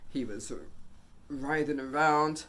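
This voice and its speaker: A man vlogging a casual storytime monologue, animated, getting loud and high at tense moments. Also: takes it slowly.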